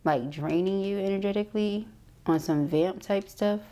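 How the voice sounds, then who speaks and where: A woman giving a tarot card reading, reading card messages aloud and explaining them, ending many phrases with a quick "okay?". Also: mid-range voice, mellow, slight background noise. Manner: reads card messages aloud then interprets. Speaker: tarot reader.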